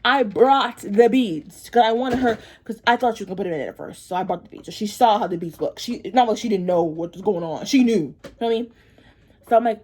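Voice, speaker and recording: A woman's voice: mid-range voice, brisk, a little mellow, slightly rough. Woman, vlogger, casual storytime, chatty, rambling, repetitive, frustrated. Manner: chatty, rambling, repeats phrases for emphasis; frustrated, venting. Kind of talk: casual storytime while getting ready.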